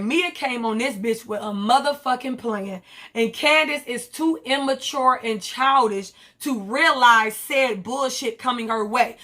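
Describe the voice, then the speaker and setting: A woman's voice: fairly high pitch, sharp tone. A woman recapping reality TV in a blunt, profane, rambling vlog. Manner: blunt, profane, rambling commentary with quoted asides.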